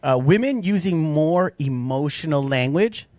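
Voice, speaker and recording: A man's voice: fairly high pitch, expressive, measured pace, a little mellow, dry recording. A man co-hosting a casual podcast, talking emphatically, repeating his points and speaking straight to listeners. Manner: emphatic, repeats himself, addresses listeners as "guys". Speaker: podcast co-host.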